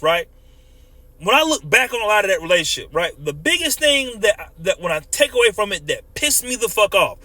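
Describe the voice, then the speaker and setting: A man's voice: high-pitched, sharp tone, dry recording. A man in his thirties, a truck driver, ranting profanely in a casual monologue and laughing often as he tells stories.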